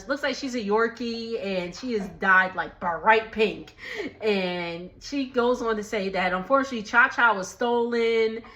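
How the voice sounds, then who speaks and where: A woman's voice: mid-range voice, sharp tone, highs cut off. A young woman casually recapping a TV episode from her kitchen, chatty and laughing often, with slangy speech. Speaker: recap vlogger. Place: home kitchen dining area.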